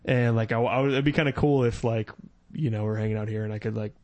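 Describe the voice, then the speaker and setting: Guy rambling on a podcast, lots of likes and restarts, bit slurry, mid pitch. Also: steady tone, fast, darkish tone. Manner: rambling with many fillers and restarts. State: slightly slurring from beers. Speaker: podcast co-host. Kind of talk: casual banter.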